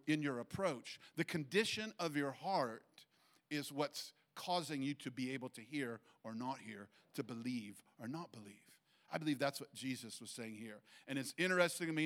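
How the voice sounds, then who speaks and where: A man preaching a sermon to a church congregation, halting with fillers and restarts, his voice lifting higher and louder when he presses a point. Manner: rises in pitch and force when making a point. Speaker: pastor.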